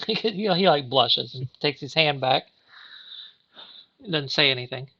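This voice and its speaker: A woman's voice: rumbling low, animated, moderate pace, breathy edge, dull audio. A woman running a tabletop game as game master, narrating in a chatty way with many restarts. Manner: chatty, with frequent restarts and laughs.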